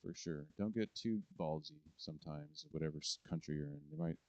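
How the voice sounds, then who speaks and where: Deep, dark-voiced man ranting. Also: very animated, a little fast, vocal fry, dry recording. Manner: profane, rambling, ranting. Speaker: vlogger. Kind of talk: rambling political monologue. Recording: dull lo-fi recording, dry.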